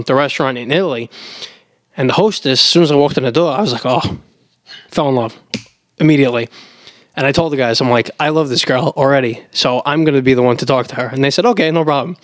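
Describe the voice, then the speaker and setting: Fast-talking man telling a story. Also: medium pitch, no echo. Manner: storytelling, animated. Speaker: podcast co-host. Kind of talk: casual chat.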